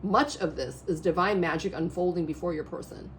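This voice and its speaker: A woman reading tarot cards in a rambling, animated way, her voice a little hoarse, often checking in with the listener. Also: on the low side, a little fast, slight background noise. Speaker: tarot reader. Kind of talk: casual spiritual reading to camera.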